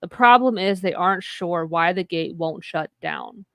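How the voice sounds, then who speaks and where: A woman with a lowish voice recaps a TV episode in casual podcast chat. She narrates the plot offhandedly and drops the odd swear. The sound is dry and close. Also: normal speed, creaky, fairly bright tone, no echo.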